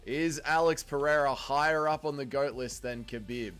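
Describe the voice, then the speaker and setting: A man's voice: medium pitch, normal speed, fairly bright tone, smooth, faint music behind. A man hosting a casual livestream, upbeat and bantering as he greets viewers by name. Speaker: livestream host.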